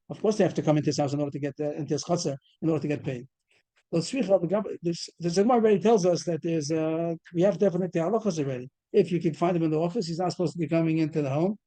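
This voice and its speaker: A man with a slightly high, warm voice leads a quick Talmud lecture by video call. He breaks down a case one step at a time and tests his students with questions along the way.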